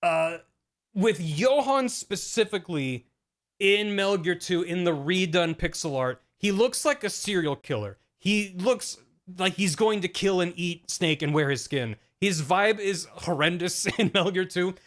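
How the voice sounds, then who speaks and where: A young man chats casually on stream, rambling and poking fun at himself. His voice sits a little on the high side, and he fills his talk with ums and quick laughs. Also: expressive, a bit bright. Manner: rambling, self-deprecating, many fillers and laughs.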